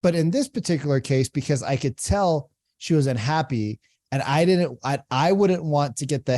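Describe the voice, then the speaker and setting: Man, sales coach, conversational, repeats himself, mellow tone, dry close sound. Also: fairly high pitch, expressive, normal speed, no echo. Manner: conversational, repeats phrases, acts out call examples. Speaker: real estate sales coach. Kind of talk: reaction commentary and coaching.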